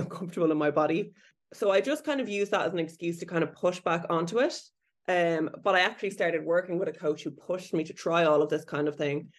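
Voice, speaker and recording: A woman coach and researcher speaking as a podcast guest, candid and self-deprecating, laughing lightly as she talks. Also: lowish voice. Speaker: body image coach and researcher.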